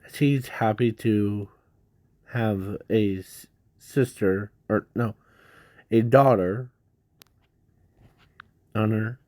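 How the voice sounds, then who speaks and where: Guy rambling thru a fan story super slow, lots of ums, dry close sound. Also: fairly low pitch, warm tone, no room sound. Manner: halting, many restarts and fillers. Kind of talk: improvised fan story narration.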